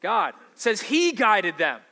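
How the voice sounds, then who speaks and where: A man's voice: sits high, sing-song, unhurried, bright, forceful tone. A man preaching a sermon as a pastor in a conversational way, asking the congregation questions.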